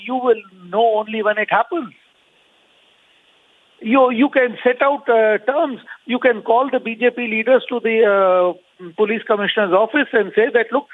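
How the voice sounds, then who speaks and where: A man arguing as an opposition party leader in a TV debate, firing rhetorical questions with frequent filler sounds. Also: high-pitched. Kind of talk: remote debate panelist. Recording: phone-like remote line.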